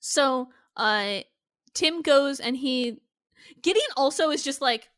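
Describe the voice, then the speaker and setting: A woman's voice: high-pitched, takes it slowly, a bit bright. A woman co-hosting a podcast, talking bluntly and swearing freely as she recaps a TV episode. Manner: blunt, profane, emphatic. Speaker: podcast co-host. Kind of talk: casual chat recapping a TV show.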